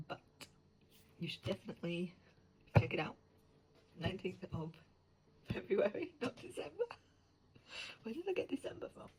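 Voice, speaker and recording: A woman's voice: medium pitch, moderate pace, pauses often, slight background noise, rough recording. A woman book editor in a casual vlog who talks animatedly, swears freely and often drops into whispers. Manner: animated, profane, slips into whispers.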